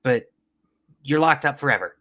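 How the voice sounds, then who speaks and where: A man's voice: mid-range voice, expressive, normal speed, sharp tone, no room sound, clean studio sound. A young man co-hosting a casual podcast, blunt and profane with indignant outbursts. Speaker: podcast co-host. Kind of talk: casual chat.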